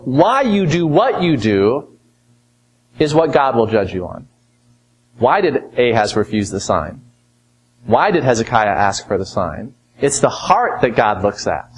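A man's voice: mid-range voice, husky, poor audio. Man preaching, rhetorical questions. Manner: teaching, asks rhetorical questions. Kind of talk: expository sermon.

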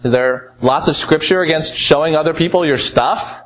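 Male preacher teaching scripture, slightly high voice, emphatic then hushed. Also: normal speed, a little hiss or hum, rough recording. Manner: teaching, asks rhetorical questions. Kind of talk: expository sermon.

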